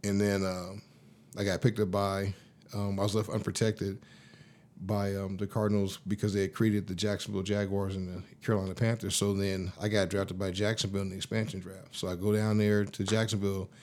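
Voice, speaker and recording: Low-voiced man in his fifties, a former lineman guest, spinning loose, profane, slangy stories. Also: flat delivery, fairly quick, darkish tone. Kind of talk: casual storytelling interview.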